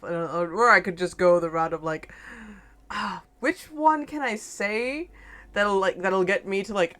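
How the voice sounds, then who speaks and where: A woman's voice: lowish voice, a little slow, fairly bright tone. A young woman streaming a game, chatting and rambling, with frequent swearing. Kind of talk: let's play commentary.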